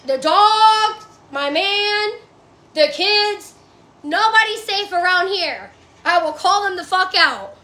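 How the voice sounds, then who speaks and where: A woman's voice: extremely high pitch, expressive, slow pace, sharp tone, roomy sound, low-quality recording. A woman streaming casually from her home, blunt, profane and ranting as she talks back to viewers. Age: adult. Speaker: TikTok live streamer. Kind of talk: casual livestream chat.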